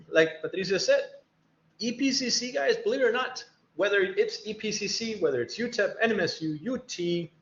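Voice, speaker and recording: A middle-aged man with a high voice talks to students over a video call. He sounds conversational and encouraging and acts out little exchanges between teacher and student. The audio is roomy and echoey, with a muffled, dull tone. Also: fairly bright tone. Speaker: college faculty member. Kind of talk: virtual panel talk to students.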